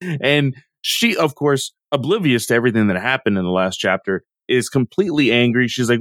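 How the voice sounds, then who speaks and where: A man's voice: mid-range voice, animated, brisk, a bit bright, dry recording. Amused man, dry close recording. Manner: amused, laughs often while retelling scenes. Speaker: podcast co-host. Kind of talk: casual chat recapping a manga chapter.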